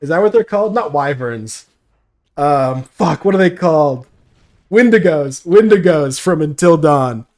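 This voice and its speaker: A man's voice: on the high side, lively intonation, unhurried, darkish tone. A young man giving casual gameplay commentary, brash and profane, mocking as he tells stories. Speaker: gaming streamer.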